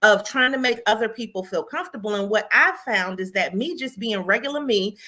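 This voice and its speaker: A woman's voice: mid-range voice, fairly quick. A woman from New York with a New York accent, hosting an interview in casual, slangy conversation. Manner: conversational, uses slang and sarcasm, animated storytelling. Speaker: podcast host.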